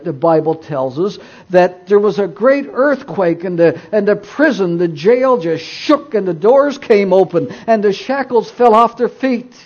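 A man preaching a sermon, retelling scripture stories with emphatic, deliberate delivery. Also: sits high, darkish tone. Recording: dull lo-fi recording.

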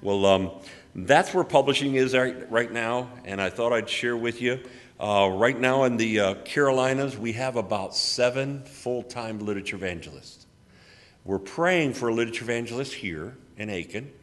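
A man's voice: medium pitch, normal speed. A man giving church announcements and a sermon, chatty and folksy. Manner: folksy, chatty, tells anecdotes with acted quotes. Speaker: literature ministry speaker. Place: church hall. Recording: long hall reverb.

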